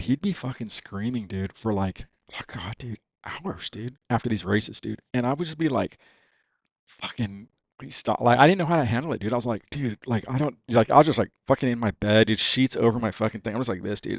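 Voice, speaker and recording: A man's voice: mid-range voice, fast talker, gravelly, no echo, clean studio sound. A man on a podcast telling a long personal story in casual, profane talk, full of "dude" and "you know what I mean.". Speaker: podcast guest.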